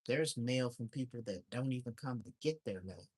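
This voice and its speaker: A man's voice: medium pitch, expressive, normal speed, breathy edge. A man on a casual livestream, ranting bluntly and swearing as he repeats his complaints and reads out viewer names. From lives in Alaska. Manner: repetitive and exasperated.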